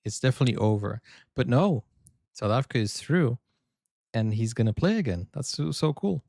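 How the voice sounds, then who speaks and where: A man from Brazil hosting a sports reaction video, chatting excitedly and often stumbling and restarting his sentences. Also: mid-range voice, normal speed, gravelly, no echo, clean studio sound. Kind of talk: casual reaction commentary.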